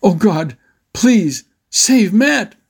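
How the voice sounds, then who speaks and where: A man's voice: medium pitch, animated, moderate pace, a little mellow, husky. A man voicing a twelve-year-old boy in a storybook reading. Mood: desperate. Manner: urgent calling out.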